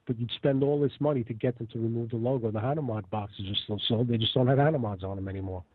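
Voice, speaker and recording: A man's voice: mid-range voice, fast talker, breathy edge, no room sound. A man talking matter-of-factly as a guest on a casual podcast. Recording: tinny phone-like line.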